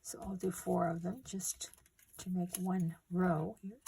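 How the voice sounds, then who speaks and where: A middle-aged woman calmly walking viewers through a paper craft step by step while she works. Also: on the low side, creaky, noisy background. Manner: gentle, unhurried instructions while working with hands. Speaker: craft tutorial host.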